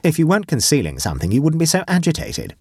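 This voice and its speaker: A man's voice: on the high side, huge pitch swings, fast talker, slightly rough, no room sound, studio quality, voice pushed up, full character voice. A man playing a teasing young prankster. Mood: brusque, teasing. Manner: breezy and teasing. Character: mischievous young gentleman prankster.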